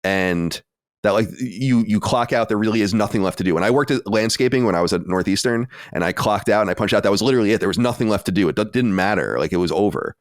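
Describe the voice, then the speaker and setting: Low-voiced man telling a story. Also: fast, dry recording, studio quality. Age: 30s. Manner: animated storytelling, exasperated asides. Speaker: podcast co-host. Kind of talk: casual chat.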